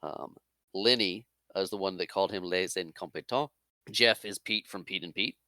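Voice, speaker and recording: A man's voice: low voice, normal speed, pushed and bright, no room sound. A man co-hosting a casual movie podcast, laughing along and running through facts. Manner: easygoing, laughs often, lists facts. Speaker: podcast co-host.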